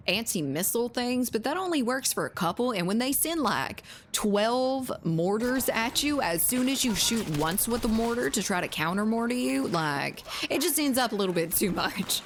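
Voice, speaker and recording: A Southern US woman talks casually to her chat while she plays. Her pitch swings widely and she rambles through fillers and the odd curse, with faint noise in the background. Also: sing-song, measured pace. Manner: rambling and hesitant, with frequent fillers and casual swearing. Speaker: game streamer. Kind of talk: casual live-stream chat.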